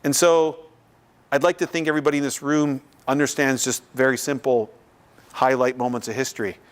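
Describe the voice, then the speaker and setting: A man from Canada, giving a casual, conversational lecture and taking questions in a lecture room. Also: medium pitch. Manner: conversational, loose, acts out others' voices. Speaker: visiting artist giving a lecture.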